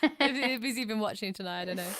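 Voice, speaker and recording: A woman's voice: fairly high pitch, fast talker, a bit bright, slight background noise. A Scottish woman co-hosting a home music stream in casual chat, laughing often and teasing herself. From Scotland. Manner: chatty, laughs often, self-deprecating.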